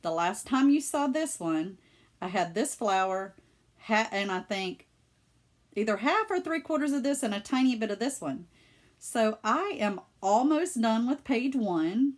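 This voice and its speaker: A woman's voice: a little high, animated, a little slow. Chatty Southern woman. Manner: chatty and emotional, with many fillers. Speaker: cross-stitch vlogger. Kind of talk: casual chat.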